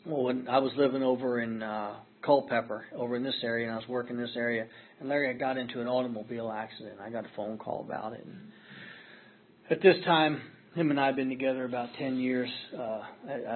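A middle-aged man with a medium-pitched voice speaks at a recovery meeting, recounting his story earnestly and self-deprecatingly. The recording sounds tinny, like a phone, with a little hiss or hum.

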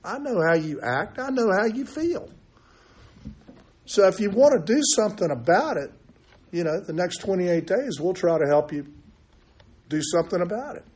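A man's voice: high-pitched, big pitch swings, moderate pace, long pauses, a little mellow, slightly rough, pitched above the performer's own voice, exaggerated voice. A man voicing an older male intake counselor who speaks earnestly and directly, as a quote within a spoken recovery story.

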